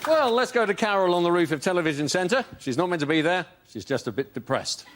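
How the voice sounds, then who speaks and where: A man's voice: sits high, expressive, fast, a loud crowd. A male comedy panellist delivering dry one-liners in a mock-announcer manner. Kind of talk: quick one-liner jokes. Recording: noisy.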